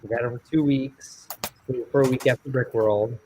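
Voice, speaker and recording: A man's voice: mid-range voice, fairly even intonation, a little fast, mellow, a little hiss or hum, poor audio. A man co-hosting a hobby live stream from a video call, chatting casually with teasing banter. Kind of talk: casual chat.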